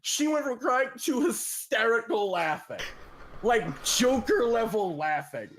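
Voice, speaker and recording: A young man telling an animated, profane prank story on a podcast, laughing as he goes. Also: very high voice, a little slow, crowd noise. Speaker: podcast co-host. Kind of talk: casual storytelling.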